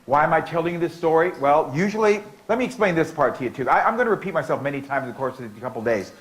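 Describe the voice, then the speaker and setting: Speaking rapid-fire in a slightly high, animated voice, a middle-aged American man leads a conference audience through a story full of rhythmic, repeated lines. He cues them playfully for call-and-response, and the rough recording carries a little hiss or hum.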